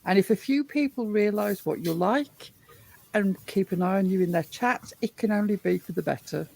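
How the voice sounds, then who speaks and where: A woman's voice: medium pitch, normal speed, vocal fry, darkish tone, no room sound. A woman talking in a casual online panel chat, articulate and amused.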